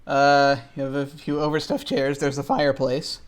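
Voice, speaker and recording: A man running a tabletop game as game master, narrating with lots of pauses and fillers. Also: medium pitch, flat delivery, clear, resonant tone. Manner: hesitant, many fillers.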